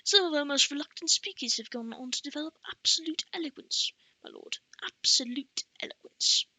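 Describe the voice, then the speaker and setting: A woman's voice: high voice, lively intonation, normal speed, pushed and bright, no room sound, voice pushed up, heavily acted. A woman voicing a fussy, talkative male scribe master who repeats himself in an audiobook. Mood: pompous.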